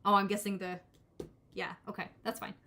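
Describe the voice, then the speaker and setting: A woman in her forties, mid-pitched, talks in a loose, rambling way through a live-stream tarot reading. She often restarts her sentences and turns aside to greet people in the chat. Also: little pitch movement, moderate pace, vocal fry, bright, forceful tone. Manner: rambling, self-interrupting, talks to chat viewers. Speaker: tarot reader.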